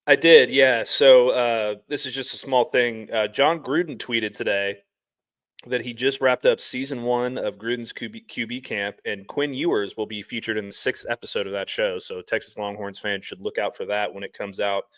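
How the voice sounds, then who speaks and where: A man's voice: medium pitch, steady tone, normal speed, fairly bright tone, no room sound. A man co-hosting a sports talk show, chatting casually and often stumbling over his words.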